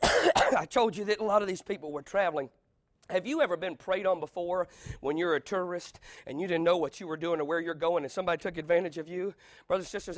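High-voiced preaching man. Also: no room sound, clean studio sound. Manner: animated preaching with storytelling and sudden shouts. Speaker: pastor. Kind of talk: sermon.

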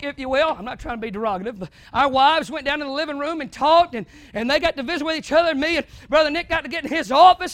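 A young adult man preaches a sermon in a high, bright voice. He swings from hushed lines to shouting, and the sound is dry and close. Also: no room sound.

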